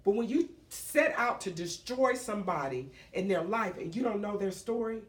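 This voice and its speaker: A woman's voice: mid-range voice, animated, normal speed. An emotional middle-aged woman delivers an emphatic public speech, hammering points home by repeating them. Her voice is caught from a distance. The room around her rings with echo. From United States. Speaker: small business owner. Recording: roomy echo, speaker far from the mic.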